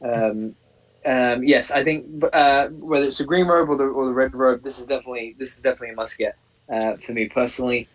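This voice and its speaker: A man's voice: medium pitch, fairly even intonation, fairly quick, far from the mic, rough recording. A man co-hosting a casual live stream, agreeable and hesitant, with many fillers. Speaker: co-host. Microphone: earphones mic over a call.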